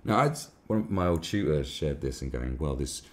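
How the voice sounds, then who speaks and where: A man's voice: rumbling low, animated, normal speed. A man hosting a live stream, ranting sarcastically and swearing a lot in casual commentary. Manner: crude, sarcastic, swears often.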